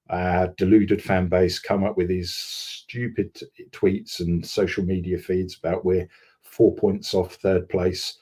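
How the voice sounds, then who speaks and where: A man with a very deep, husky voice gives his views as a guest on a football fan show. His tone is dark and mellow, and he is measured but scornful. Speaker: guest pundit. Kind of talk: heated football fan chat.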